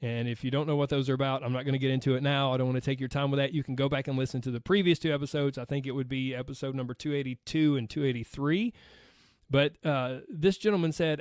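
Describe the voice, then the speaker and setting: A man's voice: medium pitch, fairly even intonation, fast talker, darkish tone, smooth, no echo, clean studio sound. A man with a Southern US accent hosting a weight loss podcast, chatting casually and reading listener posts aloud with a friendly laugh.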